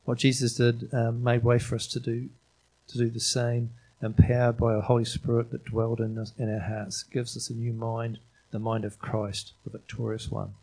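A man's voice: medium pitch, monotone, normal speed, a little mellow, husky, poor audio. A middle-aged man preaching an informal sermon in a chatty, enthusiastic way, often restarting his sentences. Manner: conversational, enthusiastic, frequent restarts and fillers.

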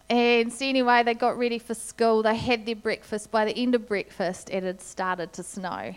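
A middle-aged woman delivers a sermon to her congregation. She talks in a relaxed, conversational way, telling stories as she goes, and her voice sounds smooth and clear. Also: fairly high pitch, normal speed, hardly any pauses. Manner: conversational storytelling with light laughs. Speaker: preacher.

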